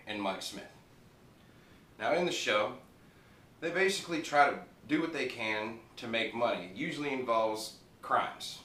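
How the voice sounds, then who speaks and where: A man's voice: fairly low pitch, bright, forceful tone. A man giving a casual, rambling review, swearing freely and laughing at his own jokes. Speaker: TV show reviewer. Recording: echoey room, distant mic, faint noise.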